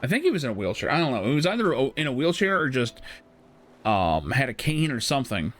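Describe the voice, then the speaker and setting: A man's voice: mid-range voice, very animated, fast talker, fairly bright tone, faint music behind. A man streaming a game, casually telling a story with frequent laughs and swearing. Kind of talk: casual storytelling while gaming.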